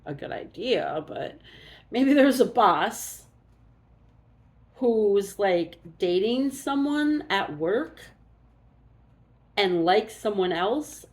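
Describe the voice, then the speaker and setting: Woman card reader, unhurried drawl, muses aloud as she reads; mid-pitched. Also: expressive. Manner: musing aloud, unhurried, thinking as she goes. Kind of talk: casual card reading.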